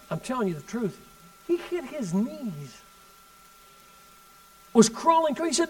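Man preaching, fairly high voice, emphatic delivery, loud then hushed, heard from a distance. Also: very animated, slow, pauses often. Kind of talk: sermon storytelling.

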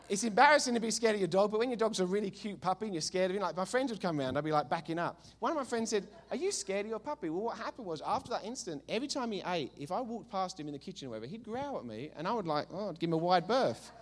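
A male pastor preaching a sermon, telling a funny story with emphatic, animated delivery. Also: high voice, rapid-fire, few pauses.

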